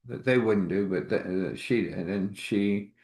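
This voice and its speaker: A man's voice: fairly low pitch, a little slow, a little mellow. A man telling a faith-based everyday story in a rambling, homespun way with many fillers. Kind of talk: informal spoken storytelling. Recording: echoey room.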